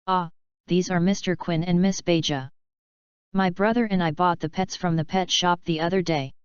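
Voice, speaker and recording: A woman's voice: fairly low pitch, steady tone, normal speed, clear, resonant tone, no room sound, close to an everyday voice. A woman voicing a cheerful, bossy young robot girl, with a scolding-then-chirpy delivery. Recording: dull lo-fi recording.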